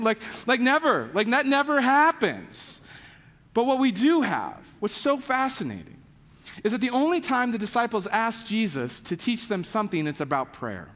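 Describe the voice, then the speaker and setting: A man's voice: extremely high pitch, moderate pace, big-room sound. A man preaching a sermon as pastor, telling stories in a casual way and acting out the people in them. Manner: animated storytelling with voiced quotes, many "like" fillers. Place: church sanctuary.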